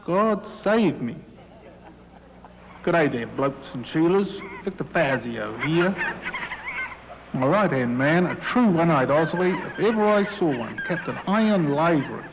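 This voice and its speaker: A high, swooping voice plays a pompous naval admiral with a put-on Australian twang, as a man hams it up. The sound is muffled, with a long echo and faint hiss behind it. Pure mock-heroic bluster. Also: animated, slow. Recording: dull, echoey hall playback.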